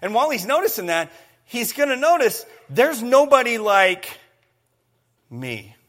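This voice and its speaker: A man's voice: very high-pitched, sing-song, measured pace, fairly bright tone. A man preaching a sermon, emphatic, repeating phrases and calling on the congregation to answer.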